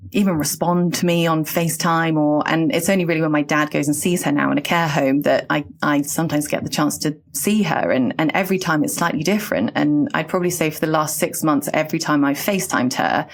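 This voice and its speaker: A woman from England in her late thirties, talking in an earnest, reflective and halting way on a casual podcast. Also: low-pitched. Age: late 30s.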